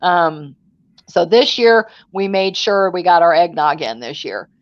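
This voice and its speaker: A woman's voice: on the low side, unhurried, no room sound, dull audio. A woman hosting a casual chat, telling stories in a chatty way and acting out the dialogue. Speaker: host.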